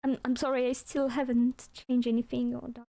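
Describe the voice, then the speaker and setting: Woman, creator apology on stream, hesitant, halting, slightly high pitch. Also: level tone, creaky, dark tone. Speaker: content creator making a public apology.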